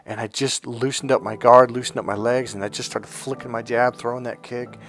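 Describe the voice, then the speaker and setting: A man giving a motivational self-help talk in a casual, animated way, telling personal stories and acting out what people said. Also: medium pitch, fairly quick. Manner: animated and conversational, acts out quotes.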